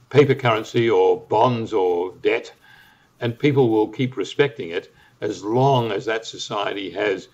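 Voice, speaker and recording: An older man with an Australian accent giving measured analysis as an interview guest, talking deliberately with some restarts. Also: on the low side, a little mellow. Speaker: guest commentator. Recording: muffled lo-fi audio.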